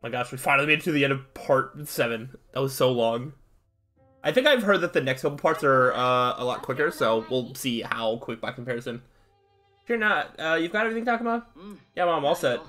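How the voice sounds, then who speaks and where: A man's voice: mid-range voice, a little fast, bright, forceful tone, faint music behind. A man streaming a game, reading all the characters' lines aloud himself and breaking off to react. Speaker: gameplay streamer. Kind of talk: reading game dialogue aloud while playing.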